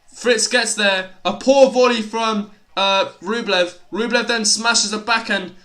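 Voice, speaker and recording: A young man giving excitable live play-by-play tennis commentary on a stream, exclaiming at big points and chatting casually between them. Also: high-pitched, unhurried.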